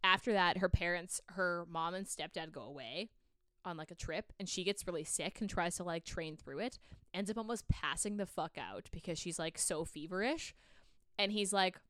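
A woman chatting on a podcast, recapping a novel in loose, run-on sentences. She drops into low, muttered voices for the characters and swears freely. The sound is close and dry, with no room around it. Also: fairly bright tone, no echo. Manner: retells scenes in quick muttered quotes, swears freely. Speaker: podcast co-host. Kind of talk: casual book chat.

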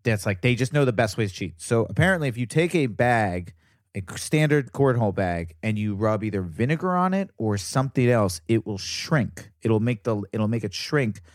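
A man telling a story as a comedian guest on a casual podcast, animated and rambling, repeating words. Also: fairly low pitch, moderate pace, no echo, studio quality.

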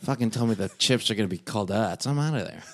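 A man's voice: on the low side, fast. A man in his thirties co-hosting a podcast, joking loosely and swearing freely in casual banter. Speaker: podcast co-host.

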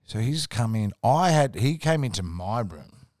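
A man's voice: fairly low pitch, sing-song, normal speed, darkish tone, dry recording, clean studio sound. An Australian man, a podcast guest, telling a rambling, profane anecdote in casual chat. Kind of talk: casual storytelling.

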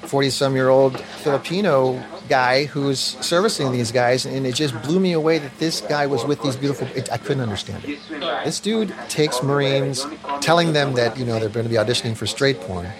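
A man's voice: medium pitch, moderate pace, crowd noise. A man giving a candid interview, frankly telling anecdotes and acting out quotes. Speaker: interview guest. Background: music.

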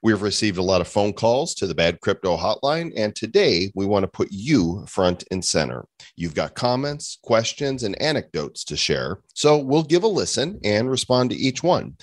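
A man's voice: fairly low pitch, moderate pace, few pauses, no room sound, studio quality. A man hosting a podcast in casual chat, joking and playful as he talks. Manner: playful, jokey, lively delivery. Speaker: podcast host.

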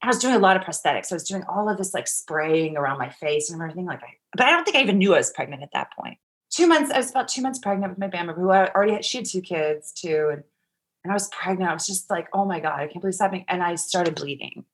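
A woman's voice: fairly low pitch, expressive, fast. Rambling, foul-mouthed middle-aged woman. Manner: rambling, profane, heavy use of "like". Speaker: guest. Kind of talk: casual interview storytelling.

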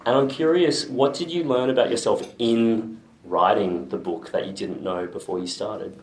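A man interviewing an author, asking questions in a curious, gentle way. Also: fairly low pitch, steady tone, normal speed. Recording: roomy recording.

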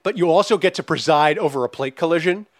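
A man's voice: on the high side, fast talker, no room sound. Male podcast host, bouncy upper-range voice, dry close mic, casual and profane. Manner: animated, profane, reads listener questions.

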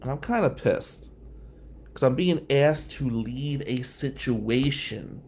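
A male podcast host telling a personal story in an animated way, swearing freely and loudly acting out what others said. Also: medium pitch, slow, noisy background.

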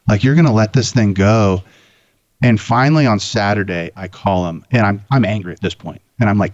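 A man, a guest on a talk show, telling a casual story in an animated, swearing way. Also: lowish voice, fairly quick, no echo, highs cut off. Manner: animated, profane anecdote-telling. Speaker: guest, Jeep owner.

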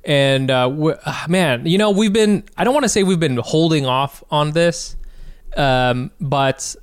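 A man hosting a comedy podcast, talking in an excitable casual way, laughing often and swearing freely. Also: on the high side, unhurried, smooth, dry recording, clean studio sound. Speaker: podcast host.

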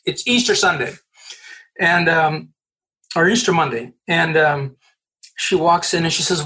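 A middle-aged man from Canada, a guest in an interview, telling a story in an animated way, laughing and acting out the voices he quotes. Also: on the high side, a little slow, long pauses, low-quality recording. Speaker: guest, recruiter. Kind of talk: storytelling in a conversation.

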